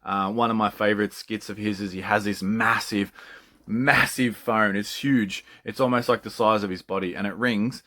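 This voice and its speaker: A man's voice: lowish voice, steady tone, moderate pace, bright, forceful tone. A man chatting casually and with enthusiasm, often laughing and swearing freely. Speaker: collector. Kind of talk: casual chat.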